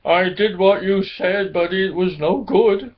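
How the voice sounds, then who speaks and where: A man's voice: high voice, takes it slowly, voice pushed up. A man voicing a sad, lonely female cow in a children's storybook reading, with a mournful, whiny delivery. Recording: dull lo-fi recording.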